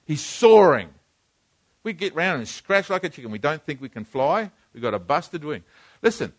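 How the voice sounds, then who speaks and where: A male preacher delivering a sermon in church, with a somewhat high voice. He speaks emphatically, repeating key phrases and calling on the congregation to say lines with him. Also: fairly bright tone. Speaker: pastor.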